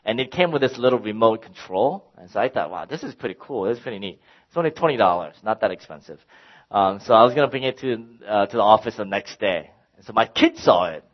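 A middle-aged man, a pastor, preaching a sermon and telling a personal story in an animated way, acting out his own exasperation. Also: on the low side, quick pace, dull audio.

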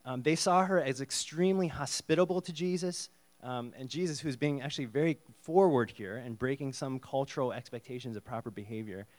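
A man's voice: mid-range voice, brisk. Conversational man teaching from the Bible. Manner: conversational, animated, acts out the dialogue. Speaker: preacher.

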